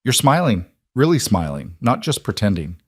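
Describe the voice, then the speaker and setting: A man voicing a young woman teacher who gently and knowingly advises her friend. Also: fairly low pitch, sing-song, moderate pace, husky, no room sound, clean studio sound. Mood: gently teasing.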